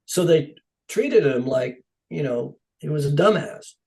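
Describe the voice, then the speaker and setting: His voice is a little high and a little slow, with vocal fry, and the recording is rough. He's a middle-aged stunt coordinator recounting stories into a podcast microphone in a casual interview, bringing the dialogue to life with animated acting.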